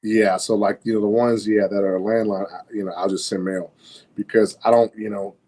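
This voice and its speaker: Low-voiced man, hesitant and filler-heavy. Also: little pitch movement, a little fast, dark tone. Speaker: caller. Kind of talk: casual chat.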